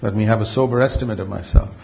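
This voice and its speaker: A man preaching a sermon earnestly, asking rhetorical questions and slowing down to stress key phrases. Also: on the low side, vocal fry, highs cut off.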